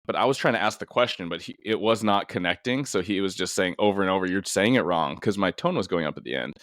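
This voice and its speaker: A man's voice: low voice, quick pace, fairly bright tone, no echo, clean studio sound. A man hosting a casual interview conversation, a police officer, thoughtful and rambling with many fillers. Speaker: podcast host and police officer.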